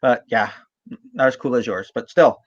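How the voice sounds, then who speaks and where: A man's voice: medium pitch, normal speed, dry recording, muffled recording. A man hosting a casual interview, joking and stammering over restarts. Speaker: podcast host.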